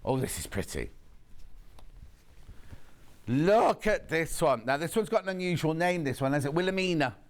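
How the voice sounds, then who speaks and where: Speaking at normal speed in a slightly high, sing-song voice with frequent pauses, a man hosts live selling on a TV shopping channel. He's chatty, ribs the crew off camera, and sniffles a bit from hay fever.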